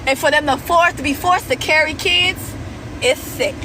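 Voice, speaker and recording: A woman's voice: high voice, normal speed, noisy background. A woman in a car delivering a heated, repetitive, slangy rant to her followers. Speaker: social media poster. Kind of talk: angry rant to camera. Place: inside a car.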